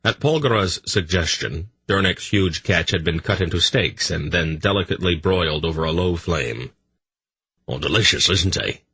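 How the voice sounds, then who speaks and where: A man with a low voice narrates a fantasy audiobook, reading steadily and evenly at a moderate pace with hardly any pauses.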